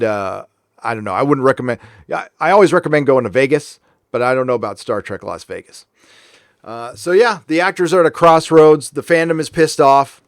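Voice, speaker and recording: A man's voice: medium pitch, dry recording, studio quality. A man hosting a live stream, giving blunt, profane, angry commentary with lots of restarts. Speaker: livestream host.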